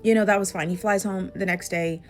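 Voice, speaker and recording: A woman's voice: mid-range voice, steady tone, a little fast, faint music behind. A woman telling a casual storytime, chatty and full of fillers and quoted dialogue.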